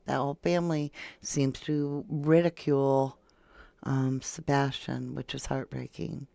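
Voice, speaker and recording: A woman's voice: extremely low pitch, level tone, a little slow, vocal fry, dark tone, no echo. Woman, from Florida, true crime livestream host, chatty, reads chat comments, dry close mic. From Florida, USA.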